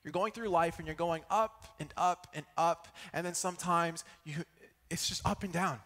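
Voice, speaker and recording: A man's voice: on the high side, normal speed. Young man preaching in an echoey church hall. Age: young adult. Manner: lively storytelling, checks in with the audience. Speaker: student preacher. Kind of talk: sermon with personal story.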